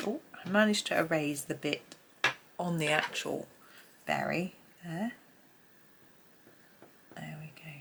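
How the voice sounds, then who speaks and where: Woman, middle-aged, narrates colouring in a soft half-whisper, low and gravelly, faint room hiss. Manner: soft-spoken, often half-whispering, chatty with small laughs. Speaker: colouring tutor. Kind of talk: casual narrated drawing tutorial.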